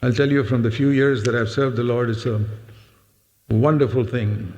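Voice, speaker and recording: An older man delivers an earnest sermon with a gravelly, creaky voice. He leans hard on key words and repeats them, and at times turns to speak straight to the children. His words ring with a long reverb through a church hall. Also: medium pitch, steady tone, normal speed, a little mellow, muffled recording. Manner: speaks directly to children in the congregation. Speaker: preacher.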